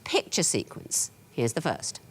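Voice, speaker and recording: A woman hosting a TV quiz in a studio, explaining answers in a crisp, wry way. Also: measured pace, over music. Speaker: quiz show host.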